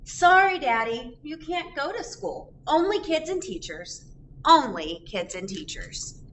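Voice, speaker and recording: A woman doing chirpy storybook kids, high and lively. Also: unhurried, exaggerated voice. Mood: firm. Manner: matter-of-fact, repeating a chant. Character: cheerful young kids, brother and sister. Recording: distant mic, faint background noise.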